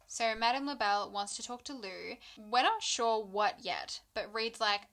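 A young woman casually retelling a novel's plot to a friend, playful and quick to laugh. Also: fairly high pitch, pushed and bright. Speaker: book podcast co-host. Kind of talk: casual chat recapping a novel.

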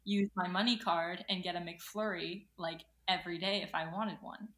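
A young woman from New York, a podcast guest, telling animated stories with lots of laughter and quick put-on voices. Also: lowish voice. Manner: animated storyteller, laughs often, acts out quoted voices. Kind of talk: casual podcast chat.

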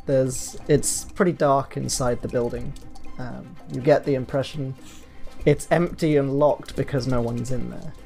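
A game master narrating a tabletop game in a relaxed way, often laughing and explaining the rules in detail. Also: mid-range voice, a little slow, vocal fry, soft background music.

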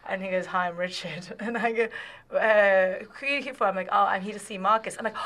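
An Australian woman guesting on a podcast tells a personal story in casual conversation. She's animated and laughs a lot, frequently restarting her sentences, with a medium-pitched voice at a fairly quick pace.

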